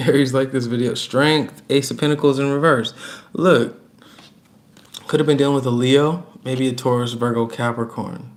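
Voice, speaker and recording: A man's voice: medium pitch, fairly even intonation, normal speed. A man giving a casual, chatty tarot reading to camera, emphatic and prone to repeating himself, with laughs between points. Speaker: tarot reader.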